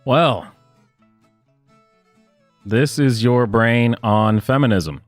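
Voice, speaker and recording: A man's voice: medium pitch, very slow, no room sound, faint music behind. Man, sarcastic reaction commentary, host, mid-range voice, dry close sound. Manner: sarcastic, laughs at the clip.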